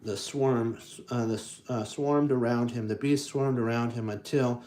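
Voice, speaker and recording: A man reading children's picture books aloud and commenting on the pictures, halting often to correct himself and playing up the sound effects with enthusiasm. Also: medium pitch, steady tone, mellow, slight background noise. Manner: halting, with frequent restarts and self-corrections. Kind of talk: casual read-aloud with commentary.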